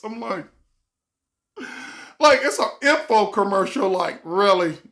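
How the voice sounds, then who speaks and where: An adult vlogger talks through a stressful storytime in a bright, forward voice. The talk rambles and restarts, with sighs, laughs and quick acted-out quotes of other people. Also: mid-range voice, animated. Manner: sighs and laughs while talking. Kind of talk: storytime vlog.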